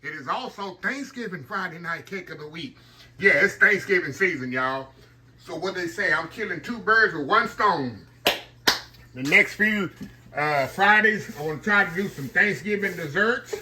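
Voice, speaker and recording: A man's voice: high-pitched, animated, moderate pace, pushed and bright, a little hiss or hum. An older man hosting a casual home cooking video, chatting folksy with viewers as he works in his kitchen. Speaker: home cooking channel host.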